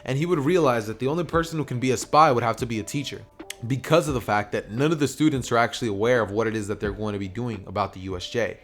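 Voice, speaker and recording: A man's voice: mid-range voice, quick pace, soft background music. A young man telling an anime fan story in a casual, rambling way, full of "you know" and "basically". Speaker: YouTuber narrating fan fiction.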